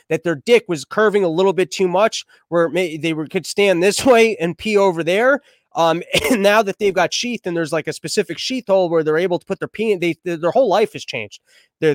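High-voiced crude comedic podcast host. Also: male voice, dry recording, studio quality. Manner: crude, irreverent and rambling. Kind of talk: comedic news commentary.

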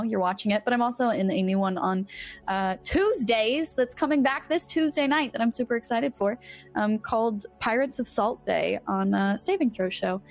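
A young woman streamer chatting casually as she wraps up a show, upbeat and a little scatterbrained, losing her train of thought. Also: medium pitch. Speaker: streamer, tabletop game player.

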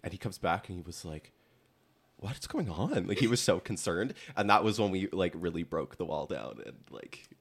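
A man's voice: deep voice, animated, moderate pace, husky. A young man co-hosting a podcast, rambling casually and laughing often as he retells old work stories. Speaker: podcast co-host. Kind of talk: casual chat.

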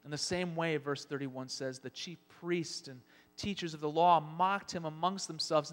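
A man preaching a sermon as pastor, telling Bible scenes with lively acted-out lines. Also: fairly high pitch, normal speed, few pauses. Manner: animated storytelling, acting out Bible scenes. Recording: long hall reverb.

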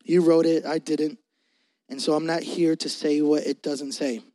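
A young Puerto Rican man preaching as pastor, loud and joking with the congregation. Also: on the high side, level tone. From Puerto Rico. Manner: loud, joking, talks fast to the crowd. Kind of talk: energetic youth sermon.

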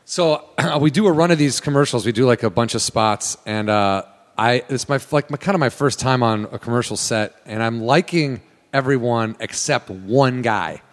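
A man telling a rambling story in a loose, profane way, slipping into other people's voices as he quotes them. His voice sits at a middle pitch. It has a long hall-like reverb around it. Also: normal speed. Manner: animated, swears, acts out quoted voices. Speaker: guest actor. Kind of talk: casual storytelling chat.

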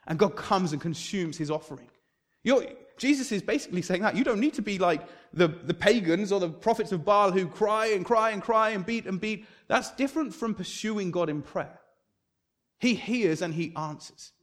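A man preaching a sermon, telling Bible stories with animated storytelling and acting out the figures. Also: high voice, moderate pace.

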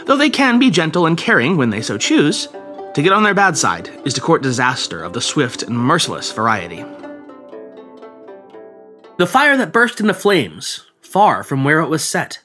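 A man narrating folk ghost tales in a measured, dramatic storytelling manner. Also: fairly high pitch, wildly swooping pitch, pushed and bright, soft background music. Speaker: podcast storyteller.

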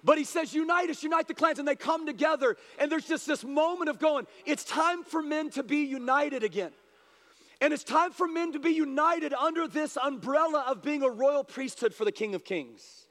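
A man preaching a passionate sermon as pastor, building to loud, urgent appeals to his congregation. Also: very high voice, expressive, normal speed. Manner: impassioned, rising to shouted appeals. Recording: long hall reverb.

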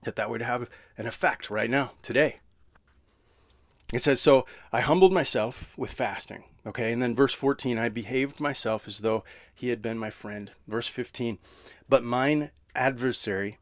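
A man preaching in an easygoing, conversational way. He slows down for scripture, then unpacks it in plain talk, often checking in with "right?". His voice sits at a mid pitch and is recorded close and dry, with no room echo. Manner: reads scripture slowly, then explains in plain words. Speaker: pastor. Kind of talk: sermon.

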